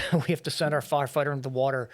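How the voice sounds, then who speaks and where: A middle-aged firefighter and police officer telling a painful rescue story in a podcast interview, blunt and full of swearing. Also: male voice, mid-range voice, steady tone, very fast. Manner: blunt and profane, heavy swearing and filler words.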